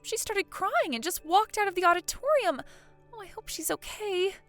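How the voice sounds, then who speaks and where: Woman doing a very high-voiced teen granddaughter. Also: animated, moderate pace, soft background music. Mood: worried. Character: excitable teenage granddaughter, piano fan. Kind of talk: voiced text-story drama.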